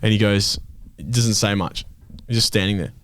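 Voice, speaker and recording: A man's voice: on the low side, moderate pace, a bit bright, slight background noise. A young man, a podcast co-host, ranting in casual chat and swearing a lot. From Australia.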